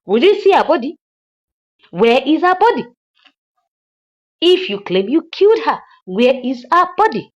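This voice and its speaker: A woman voicing a furious rich woman who orders a killing, loud and repeating her demands. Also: sits high, sing-song, unhurried, pauses often, dull audio, voice pushed up. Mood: demanding.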